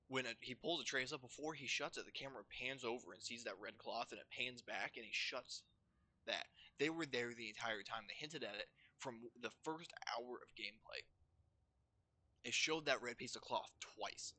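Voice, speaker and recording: A man's voice: medium pitch, pushed and bright, breathy edge. A man commentating a gameplay playthrough, rambling enthusiastically about the story. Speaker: gameplay streamer. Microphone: streaming microphone.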